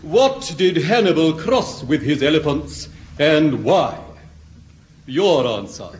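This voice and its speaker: A man's voice: a little high, lively intonation, slow pace. A man playing a pompous, stuffy headmaster who grows exasperated with a pupil, in a 1960s radio comedy.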